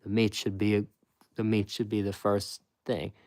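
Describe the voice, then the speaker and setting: A man with a fairly low voice walks through his method step by step. He repeats phrases for emphasis and restarts his sentences often, in a loose, casual way. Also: level tone, moderate pace, darkish tone. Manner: explains step by step. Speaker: former sandwich shop worker. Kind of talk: casual explanation.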